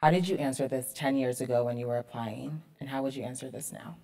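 A young woman, a business school student, interviewing a guest on stage and asking her questions in a measured way. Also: rumbling low, steady tone, vocal fry, warm tone. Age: young adult. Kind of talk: onstage interview.

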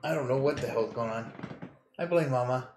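A man's voice: medium pitch, a little fast, a little mellow, echoey room, a little hiss or hum. A man casually commenting on a video game he plays, joking crudely, laughing often and reading game text aloud. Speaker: gaming streamer. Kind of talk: casual let's-play commentary.

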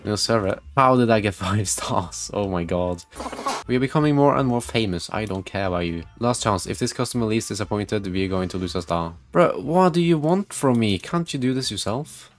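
A man with a fairly low voice gives running commentary while playing a game. He reads on-screen text aloud, swears freely and jumps between muttering and loud outbursts. Faint music sits underneath. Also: a little fast. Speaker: gaming video creator. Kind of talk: gameplay commentary.

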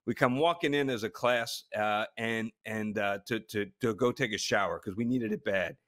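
A man's voice: lowish voice, normal speed, fairly bright tone. A middle-aged man and podcast co-host telling a funny story in casual chat, often breaking into laughter and restarting his sentences. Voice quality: short of stature (said), plain voice. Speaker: podcast co-host, former astronaut.

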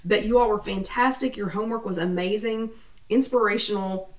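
A woman's voice: mid-range voice, fairly even intonation, brisk. A woman hosting a live online weight loss workshop, chatty and encouraging, greeting viewers by name. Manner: chatty, encouraging, reads viewer names and comments aloud. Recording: echoey room, voice somewhat far from mic, faint background noise.

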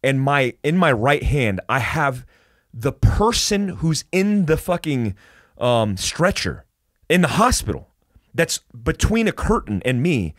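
A man's voice: mid-range voice, measured pace, dry recording, studio quality. A man from the United States telling a wild story as a podcast guest, swearing a lot and restarting sentences. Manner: animated, heavy swearing, restarts. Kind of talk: casual storytelling interview.

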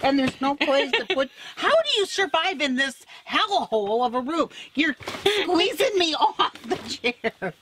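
A woman's voice: sits high, expressive, measured pace, hardly any pauses, noisy background. A middle-aged woman, the host's mother, cracking teasing jokes in casual banter. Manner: teasing, wisecracking.

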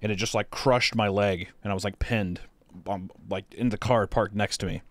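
A man's voice: lowish voice, fairly even intonation, moderate pace, no room sound. Man, podcast co-host, casual storytelling, swears a lot, many fillers, dry close sound. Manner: profane, rambling with many fillers.

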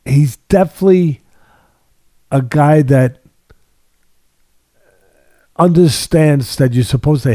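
A man's voice: mid-range voice, warm tone, dry recording, clean studio sound. A man hosting a casual sports talk podcast as a boxing analyst. He talks emphatically, repeating phrases for stress, with a sardonic edge and long analogies.

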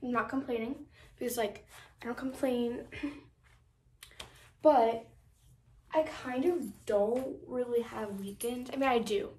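A woman's voice: fairly high pitch, steady tone, slow pace, pauses often, darkish tone, slight background noise. A teenage girl chatting casually in a vlog at home while getting ready, rambling with lots of fillers and dramatic complaints, a bit out of breath. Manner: rambling, filler-heavy, dramatic about small things. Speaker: vlogger.

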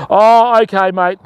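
A man's voice: sits high, clear, resonant tone, dull audio. An Australian man hosting a casual fishing livestream outdoors by a river, chatting with viewers and greeting them by name. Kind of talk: casual live-stream chat.

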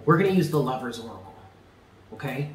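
A man's voice: mid-range voice, expressive, fairly quick, roomy sound, a little hiss or hum, poor audio. A man giving a tarot reading, speaking earnestly and stressing points by repeating them. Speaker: tarot reader.

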